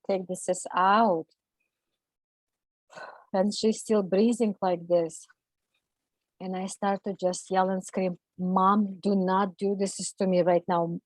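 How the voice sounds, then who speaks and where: A woman, a guest on an interview show, telling a personal story in halting, emotional, non-native English, full of fillers and restarts. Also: lowish voice, a little mellow, dry recording, low-quality recording.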